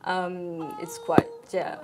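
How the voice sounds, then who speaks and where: A woman interviewing a singer, asking measured questions and prompting with small fillers. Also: fairly low pitch, flat delivery, over loud music.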